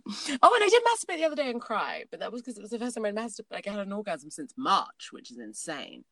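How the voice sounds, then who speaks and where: A woman's voice: medium pitch, very animated, quick pace, fairly bright tone, dry recording. A woman in her thirties chatting casually and candidly, rambling and laughing often. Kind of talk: casual chat.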